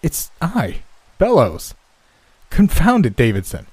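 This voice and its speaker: A man voicing a firm, worried male lab colleague who urges a friend to calm down. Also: mid-range voice, normal speed, slight background noise. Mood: urgent. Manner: firm, urging.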